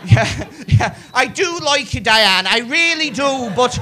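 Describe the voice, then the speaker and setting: Speaking slowly in a very high, expressive voice, a male stand-up teases the crowd with plenty of swearing from a club stage. The background is noisy with audience laughter, and he uses a handheld mic.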